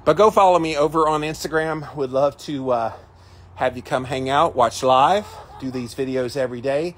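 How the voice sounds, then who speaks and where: At a normal pace and mid-range pitch, a man hosts an outdoor livestream with a slight hiss or hum in the audio. Chickens cluck close by as he speaks with emphasis and calls out viewers by name.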